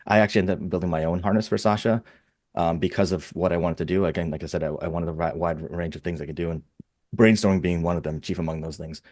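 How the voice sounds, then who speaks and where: A man's voice: low voice, steady tone, fast, a little mellow, dry recording, clean studio sound. A man speaking on a webinar panel in a rambling, enthusiastic way, often repeating words as he thinks aloud, heard over a video call. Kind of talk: casual webinar panel talk.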